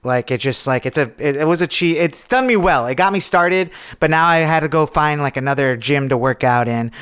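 Smooth-voiced laid-back man chatting. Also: on the high side, brisk, a bit bright. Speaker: podcast co-host. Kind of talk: casual chat.

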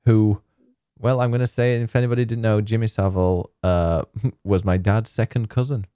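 A man with a lowish, mellow voice chatting casually as co-host. He rambles, trails off and fills gaps with "uh" and "like." The sound is close and dry. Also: steady tone, normal speed, clear, resonant tone, no echo. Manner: rambling, laughs often, many fillers. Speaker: podcast co-host. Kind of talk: casual chat.

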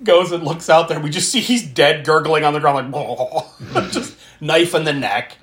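A man co-hosting a podcast, retelling a horror movie in animated, laughing, swearing casual chat. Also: fairly high pitch, unhurried. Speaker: podcast co-host.

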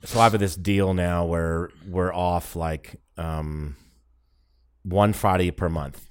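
A man co-hosting a podcast in casual chat, dropping wry, deadpan quips. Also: deep voice, slow, clean tone. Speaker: podcast co-host.

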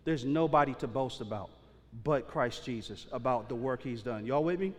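This pastor's voice is of medium pitch and his speed is normal. He delivers his sermon casually and with slang, often checking in with the people in the pews. The church sanctuary's large hall adds long reverb.

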